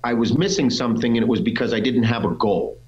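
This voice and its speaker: A man's voice: mid-range voice, fast, darkish tone, muffled recording. A man, a pro bodybuilder, telling his story as the guest in a casual interview, blunt and full of swearing. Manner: blunt and profane, voices others in quotes.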